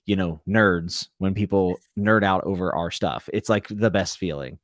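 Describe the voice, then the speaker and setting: A man's voice: sits low, normal speed, dry recording, studio quality. A man guesting on a podcast in casual chat, telling stories and acting out what people say. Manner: animated storyteller who acts out quotes.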